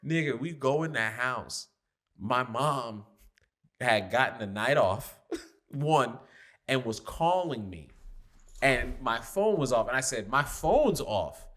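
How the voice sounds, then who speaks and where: A man co-hosting a podcast, telling a story in casual chat, laughing and loudly acting out the people he quotes. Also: mid-range voice, lively intonation, slow pace. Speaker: podcast co-host.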